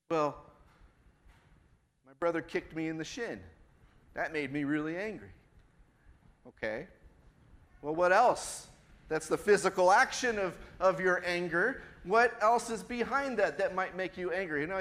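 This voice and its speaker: A man's voice: high-pitched, fairly bright tone. A middle-aged man preaching a sermon in a conversational way, asking the congregation questions. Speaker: pastor. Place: church before a congregation.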